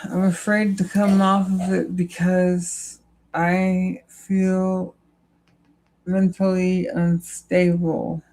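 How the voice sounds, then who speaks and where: A young adult livestreamer chatting casually with viewers in a slow, halting, weary way, with many "like" and "uh" fillers. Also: medium pitch, flat delivery, a little mellow, low-quality recording. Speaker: livestreamer answering chat.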